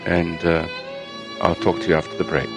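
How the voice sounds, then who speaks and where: A man's voice: low voice, completely flat delivery, normal speed, loud music behind the voice. A man hosting a talk program, delivering a rambling, moralizing monologue and raising his voice to stress points. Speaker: radio show host.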